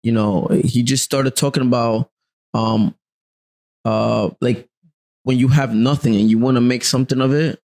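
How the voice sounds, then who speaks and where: A reserved young man speaking softly as a podcast guest, in casual chat with lots of fillers. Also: medium pitch, fairly even intonation, normal speed, creaky, low-quality recording. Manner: soft-spoken, reserved, many fillers. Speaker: podcast guest, music producer.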